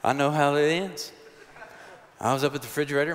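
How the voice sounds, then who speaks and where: A man's voice: medium pitch, steady tone, fairly quick, a little hiss or hum. A man, preaching a chapel sermon with folksy, humorous storytelling. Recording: long hall reverb.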